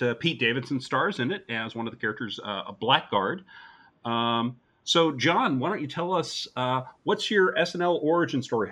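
A man's voice: mid-range voice, sharp tone. A man with a New Jersey accent co-hosting a comedy podcast, easygoing and a bit hesitant. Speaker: podcast co-host. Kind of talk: casual chat.

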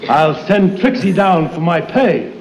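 Goofy sitcom sidekick, higher voice, noisy clip with a roaring audience. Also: male voice, animated, unhurried, roomy sound, crowd noise. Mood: amused. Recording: old TV clip with loud audience laughter.

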